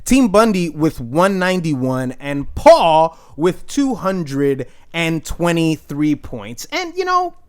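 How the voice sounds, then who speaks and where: A man's voice: on the high side, lively intonation, slow, few pauses. A young man hosting a casual fantasy football recap, rambling with frequent restarts and crude jokes. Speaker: fantasy football league host. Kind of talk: casual trash-talking recap.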